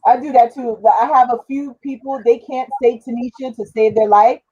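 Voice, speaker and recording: A woman's voice: fairly high pitch, fairly even intonation, a little fast, a little mellow, breathy edge, dull audio. A woman talking on a panel show in casual conversation, trailing off and restarting now and then.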